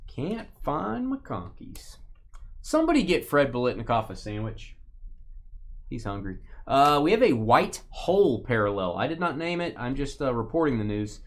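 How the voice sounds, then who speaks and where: A man's voice: mid-range voice, very animated, normal speed. A man hosting a live card break, joking casually and reading off lists of names and teams. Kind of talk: casual live-stream chat while opening cards.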